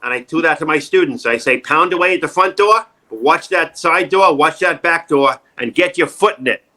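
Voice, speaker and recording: Man in his 60s, bright higher voice, animated storyteller; interview guest. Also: normal speed, poor audio. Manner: animated, acts out quoted voices loudly. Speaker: actor guest.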